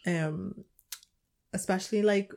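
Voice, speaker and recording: A woman's voice: mid-range voice, slow, creaky. A young woman with a Liverpool accent, co-hosting a casual chat podcast and telling stories while acting out what others said. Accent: Liverpool English. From England. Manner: animated storytelling, acts out others' lines. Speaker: podcast co-host.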